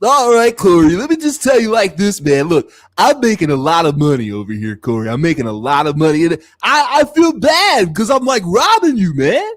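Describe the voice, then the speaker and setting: A man doing a high, nasal impression of a gloating rich male podcaster. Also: sing-song, normal speed, hardly any pauses, dry recording, soft background music.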